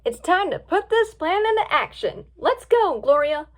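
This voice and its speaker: A woman's voice: very high voice, big pitch swings, moderate pace, voice pushed up. A woman voicing a bold, eager male lion in a storybook reading, speaking in an upbeat, confident way.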